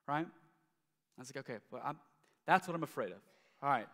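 Casual pastor in an echoing hall. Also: male voice, medium pitch, a little fast, fairly bright tone. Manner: conversational, repeats and restarts words. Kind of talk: sermon.

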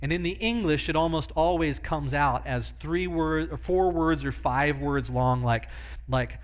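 A man's voice: on the high side, unhurried. A man preaching a sermon at a church service, leading the congregation in repeating words with playful asides. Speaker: pastor.

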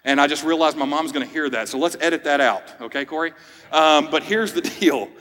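A man's voice: a little high, fairly quick, a bit bright, in a large hall. A man in his thirties, a pastor, preaching a sermon in a conversational way with joking asides. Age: 30s.

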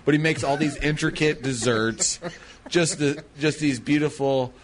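A man's voice: a little high, moderate pace. Rambling, playful radio co-host man. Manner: rambling, playful, slips into silly voices. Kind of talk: casual banter.

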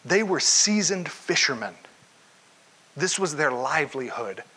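A man preaching a sermon as pastor, telling a story with animated energy and putting questions straight to his congregation. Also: a little high, a little slow, breathy edge.

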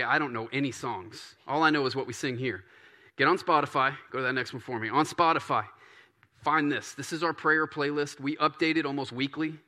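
A man preaching a sermon in a relaxed, conversational way, often acting out prayers in a softer voice. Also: mid-range voice. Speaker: pastor.

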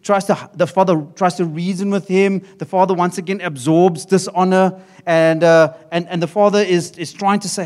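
A middle-aged man preaching a sermon as pastor, animated, often repeating and restarting his phrases. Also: high voice, normal speed.

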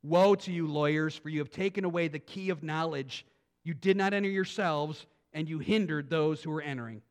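Man, pastor, sermon, emphatic, dramatic scripture reading, slightly high-pitched. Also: a little fast. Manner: animated, emphatic preaching with restarts.

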